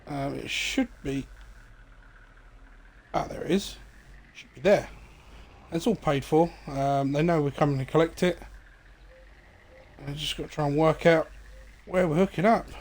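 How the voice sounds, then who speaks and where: This streamer's voice is a little high, and he talks at a measured pace with long pauses. He offers loose, meandering commentary on the farming game he's playing, peppered with ums and side remarks.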